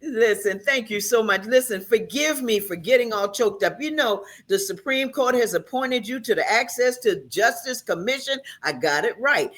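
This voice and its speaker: An animated talk show hostess who speaks with a lively, swinging pitch. She is effusive and emotional and keeps tripping over her words as she introduces and questions her guest. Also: normal speed, hardly any pauses. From Charleston, South Carolina.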